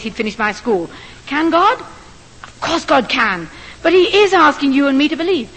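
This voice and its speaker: An older woman, a missionary doctor, preaching a sermon told as a lively, earnest story with rising emphasis. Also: high voice, husky. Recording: long hall reverb.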